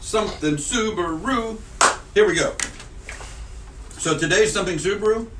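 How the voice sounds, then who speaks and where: A man hosting a casual chat show, teasing his co-host and drawing words out slowly. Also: sits high, recorded from a distance, heavy background noise. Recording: roomy echo, from the mic.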